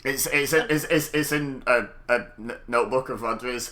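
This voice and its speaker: A man playing a character in a tabletop game. He talks in character in a stammering, expressive way. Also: medium pitch, normal speed. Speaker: player. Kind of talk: tabletop role-play chat.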